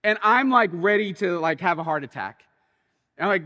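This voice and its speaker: Delivering a sermon at a brisk clip, a pastor with a high, bright voice recounts a story with animation. He drops to a hush, then rises excitedly, and the church hall leaves a long reverb behind him.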